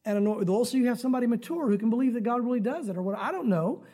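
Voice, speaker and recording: A man preaching a conversational sermon, acting out prayers and voices with sudden shouts. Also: very high-pitched, very fast. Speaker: pastor.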